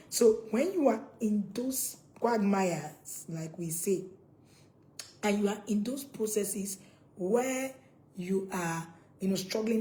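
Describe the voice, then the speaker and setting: Animated woman lecturing parents. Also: medium pitch, poor audio. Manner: preachy, asks viewers questions, repeats points, bursts into loud acted scolding. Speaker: parenting coach. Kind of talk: direct-to-camera parenting talk.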